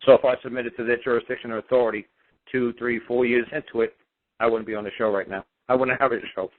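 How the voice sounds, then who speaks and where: A man's voice: medium pitch, little pitch movement, fast talker, no room sound. Defiant man on a tinny radio line. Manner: defiant, repetitive, emphatic. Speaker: radio show guest speaker. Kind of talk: impassioned personal story on talk radio.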